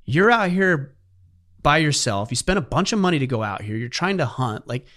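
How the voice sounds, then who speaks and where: A middle-aged man with a slightly raised pitch tells a personal story on a podcast. His delivery is earnest and heartfelt, and it turns emotional in places. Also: very animated, normal speed, a bit bright. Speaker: podcast host. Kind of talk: casual podcast conversation.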